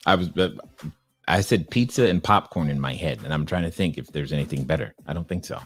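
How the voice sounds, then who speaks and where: With an extremely low pitch and a slightly fast pace, a middle-aged livestreamer reads out viewer questions and riffs on them, chuckling easily. Soft background music plays throughout his casual chat.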